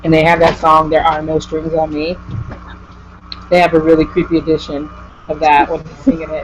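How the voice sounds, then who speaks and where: A woman's voice: deep voice, flat delivery, normal speed, slight background noise. A woman vlogger chatting casually with a guest, gushing and rambling with lots of "like". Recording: dull lo-fi home recording.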